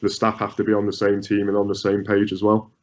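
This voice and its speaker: Guy coaching goalies, low steady voice, kinda muffled lo-fi sound. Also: quick pace. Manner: repeats words, many restarts. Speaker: goalkeeping coach, guest. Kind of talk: conversational interview answers. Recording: muffled lo-fi audio.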